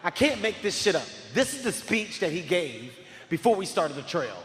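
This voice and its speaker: A man doing stand-up comedy, telling stories in a loud, animated way and often shouting. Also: sits high, moderate pace. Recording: live hall reverb, faint crowd ambience.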